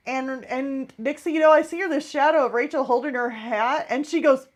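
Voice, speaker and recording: A woman's voice: sits high, normal speed, hardly any pauses. A middle-aged woman hosting a live art stream, telling a story in casual chat and acting out the voices of the people in it.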